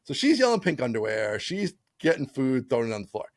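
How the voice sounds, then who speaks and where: A man's voice: medium pitch, quick pace, no echo, clean studio sound. A man co-hosting a podcast, telling stories in casual chat and laughing often. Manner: animated storyteller, laughs often. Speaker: podcast co-host.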